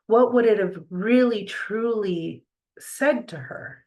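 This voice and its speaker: A middle-aged woman giving a reflective motivational talk, earnest and deliberate, with pauses between phrases. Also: medium pitch, darkish tone, low-quality recording.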